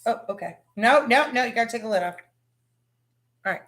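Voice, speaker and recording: A woman's voice: a little high, animated, a little fast, a bit bright, echoey room. A woman hosting a casual livestream, chatting and greeting viewers by name. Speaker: livestream host.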